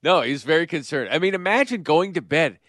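A man's voice: fairly high pitch, lively intonation, fairly quick, fairly bright tone, dry recording, clean studio sound. A man in his thirties co-hosting a podcast, telling stories with frequent laughs in a casual chat. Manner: storytelling, laughing often. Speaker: podcast co-host.

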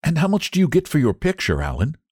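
A man voicing a kind, carefree young gentleman who speaks earnestly and sympathetically. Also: fairly high pitch, wildly swooping pitch, fast talker, no echo, studio quality, pitched above the performer's own voice. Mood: curious.

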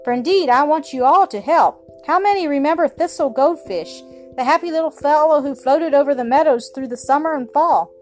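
A woman voicing a kindly, motherly chickadee bird who gently explains her plan in a storybook. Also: sits high, a little fast, faint music behind, lightly acted. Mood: earnest.

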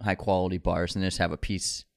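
A sleepy man co-hosting a casual podcast, laid-back and quick to agree. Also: low-pitched, little pitch movement, creaky. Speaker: podcast co-host. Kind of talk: casual chat.

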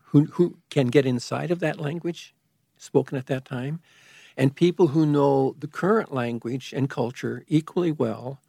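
Gravelly-voiced man explaining at length. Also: medium pitch, mellow, dry recording, studio quality. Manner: measured, explaining at length with restarts. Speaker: guest expert on liturgy. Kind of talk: explanatory conversation.

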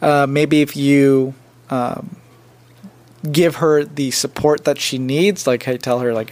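A man's voice: medium pitch, steady tone, takes it slowly, darkish tone, dry recording. A young man co-hosting a podcast, chatting casually and hesitantly, with lots of fillers and restarts. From India. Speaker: podcast co-host. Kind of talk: casual chat.

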